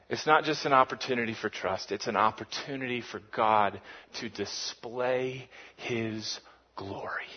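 A man preaching a sermon, swinging between hushed lines and loud, emphatic peaks. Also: on the low side, lo-fi sound. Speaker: pastor.

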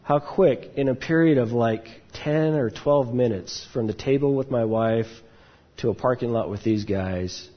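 A man in the role of pastor, telling a personal story in a sermon and acting out the quotes with animated outbursts. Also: mid-range voice, unhurried, dull audio.

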